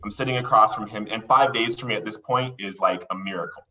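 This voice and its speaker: Guy telling his recovery story all worked up, bright tone, bit far from the mic. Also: fairly low pitch, fast, highs cut off. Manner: excitable, acts out quoted voices. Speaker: podcast guest. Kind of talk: animated storytelling.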